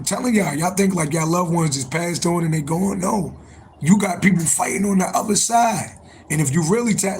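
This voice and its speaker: On a rough recording with a little hiss or hum, a rather high-voiced man runs a casual livestream for viewers. He's an adult spiritual reader born in January who swears a lot, repeats points for emphasis, and sounds strained as sirens and horns wail from the street.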